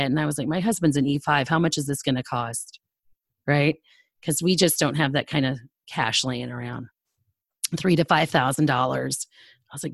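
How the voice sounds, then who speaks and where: A woman's voice: deep voice, unhurried, creaky, no echo. A middle-aged woman, a podcast guest, telling a personal story in conversation, laughing often and acting out the dialogue. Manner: animated, laughing storyteller who acts out quoted dialogue.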